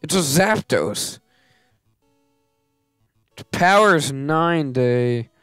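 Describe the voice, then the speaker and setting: A man's voice: fairly high pitch, animated, very slow, fairly bright tone, clean tone, no echo, studio quality, soft background music. A man hosting a game let's play, giving casual commentary that turns into melodramatic grumbling and self-mocking rants.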